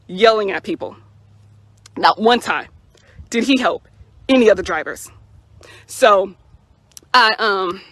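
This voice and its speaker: A young mother speaks to the camera about a police encounter she had, her fairly high, fairly bright voice recorded with no room sound. She's indignant and emphatic, repeating words for stress in this personal account.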